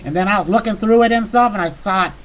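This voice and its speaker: A performer voicing a small, childlike, excitable male character telling a comic story in a rambling, giddy way with lots of fillers. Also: medium pitch, quick pace, natural voice, rough recording. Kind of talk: comedic monologue.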